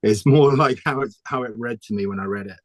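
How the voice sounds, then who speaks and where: A man, a comic artist talking casually in an interview, chatty and quick to laugh. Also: medium pitch, dry recording. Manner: chatty, laughs often, restarts sentences.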